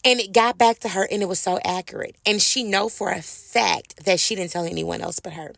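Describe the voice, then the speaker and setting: A woman's voice: mid-range voice, a little fast, gravelly, a bit bright, no echo, studio quality. A middle-aged woman, telling a personal story casually to her viewers and calling them y'all. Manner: chatty, addresses listeners as y'all. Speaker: host.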